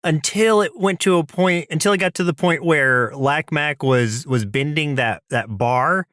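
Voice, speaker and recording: A man's voice: a little high, unhurried, a bit bright, no echo, clean studio sound. A man co-hosting a cartoon podcast in casual chat, easygoing, often restarting words and quoting characters. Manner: easygoing, repeats himself, quotes characters. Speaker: podcast co-host.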